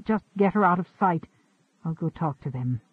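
A man playing a calm, pious Quaker farmer who speaks courteously in old thee-and-thou phrasing. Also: fairly high pitch, moderate pace, husky, no room sound, phone-quality sound.

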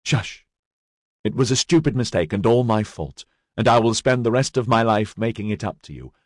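A man's voice: lowish voice, lively intonation, moderate pace, no room sound, clean studio sound. A man reading an earnest pleading young man.

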